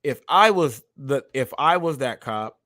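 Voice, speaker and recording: A man hosting a live stream, talking in an animated way, often repeating himself and acting out short exchanges. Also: mid-range voice, a little slow, no echo, clean studio sound. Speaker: show host.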